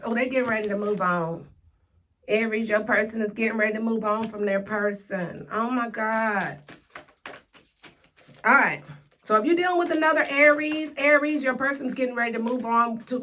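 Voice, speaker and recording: A woman's voice: fairly high pitch, a bit bright, a little hiss or hum. A woman giving a casual, sassy tarot reading, talking straight to her viewers with playful slang. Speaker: tarot reader.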